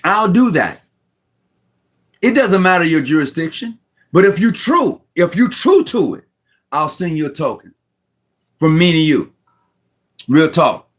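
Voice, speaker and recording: A man's voice: on the high side, very animated, a little slow, long pauses. A middle-aged man talking casually on a video call from home, heartfelt and rambling, repeating himself in slangy speech and close to tears. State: near tears. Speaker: Mason guest on a live stream. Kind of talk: emotional casual talk. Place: room at home.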